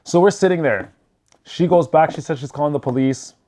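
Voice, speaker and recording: A man telling a personal story in a casual, animated vlog style, swearing freely and filling his talk with "like" and "you know.". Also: a little high, fairly quick. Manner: animated, swears freely, chatty with lots of fillers. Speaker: storyteller vlogger.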